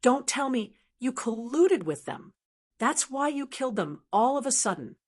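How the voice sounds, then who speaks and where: A woman's voice: high-pitched, big pitch swings, normal speed. A woman voicing a resentful male elder in an audiobook who sneers and scoffs at a rival. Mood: sneering.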